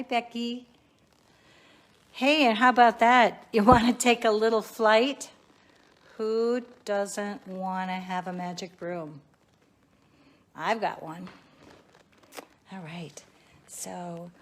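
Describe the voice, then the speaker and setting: A woman giving a leisurely, chatty guided tour inside her small shop, showing off the items on the shelves. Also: medium pitch.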